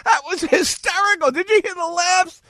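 A man, hosting morning talk radio in an animated, rambling storytelling way. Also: very high voice, normal speed, dry recording, clean studio sound. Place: radio studio.

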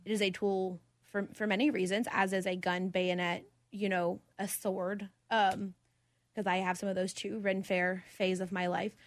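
A woman's voice: medium pitch, little pitch movement, normal speed. A woman in her twenties hosting a talk show, blunt and opinionated, laughing often. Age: 20s. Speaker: podcast host. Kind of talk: casual debate chat.

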